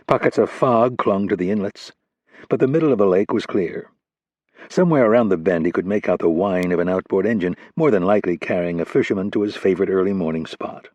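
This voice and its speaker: A man narrating a thriller audiobook in a measured, steady storytelling voice. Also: low voice, dry recording.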